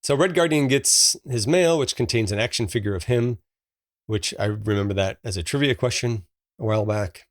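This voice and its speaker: In a dry, studio-quality recording, a man in his forties with a mid-range voice speaks at a moderate pace. Co-hosting a podcast, he chats casually about a movie, telling it like a story with lots of fillers and laughter.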